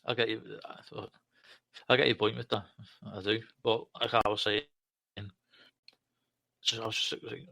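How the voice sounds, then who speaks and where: Man, lowish voice, halting speech, repeats words, dry sound. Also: fairly even intonation, gravelly, a bit bright, dry recording. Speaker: guest. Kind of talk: emotional live talk.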